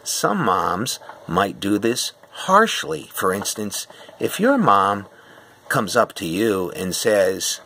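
A middle-aged male teacher slowly and patiently reviewing a grammar quiz with his class, explaining step by step. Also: fairly low pitch, big pitch swings, gravelly, background noise.

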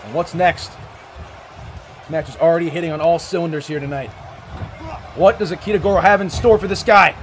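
A man giving excited, swearing play-by-play commentary on a wrestling match, shouting at the big moves. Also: on the high side, fairly quick, pauses often, very noisy. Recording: music playing behind the voice.

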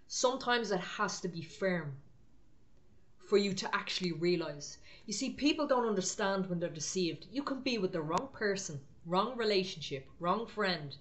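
A woman's voice: medium pitch, expressive, moderate pace. A woman preaching a sermon, firm and exhorting in a conversational way.

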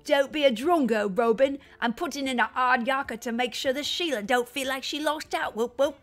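A woman's voice: fairly high pitch, very animated, normal speed, faint music behind. A woman voicing a jokey male dog-school receptionist who puts on a hammy fake Australian accent, reading game dialogue aloud. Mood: playful.

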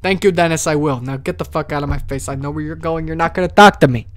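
A man doing live commentary on a horror game, joking and cursing as he talks to the characters at his door, swinging from loud mock cheer to muttered asides. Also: a little high, fast talker. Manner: jokey, profane, talks to game characters as a doorman. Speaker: let's play streamer.

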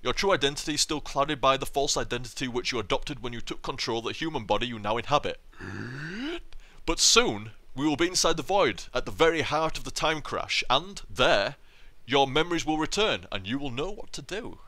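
A man's voice: medium pitch, lively intonation, brisk, sharp tone, no room sound. A young man reading the lines of a cold, commanding otherworldly male being from a game, in a formal, ominous manner. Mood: coldly commanding.

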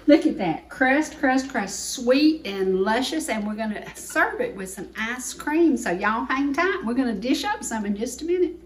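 A woman's voice: fairly high pitch, expressive, normal speed, few pauses, reverberant, a little hiss or hum, poor audio. A woman in her sixties with a Southern American accent, hosting a folksy cooking demonstration in a chatty, homespun way with emphatic repetitions. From Georgia, USA. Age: 60s. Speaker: cooking show host. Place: TV studio kitchen set.

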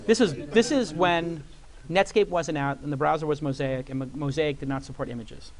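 A man in his forties on a conference stage, telling an animated story and acting out other people's voices. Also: on the high side, moderate pace. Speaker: guest entrepreneur. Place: conference stage before an audience.

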